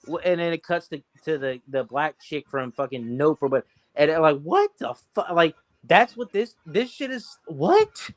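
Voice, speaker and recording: A man chatting on a podcast with a somewhat high voice. He rambles through stories, swearing constantly and getting animated as he goes. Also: moderate pace, hardly any pauses. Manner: profane, rambling, animated storytelling. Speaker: podcast co-host. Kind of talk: casual chat.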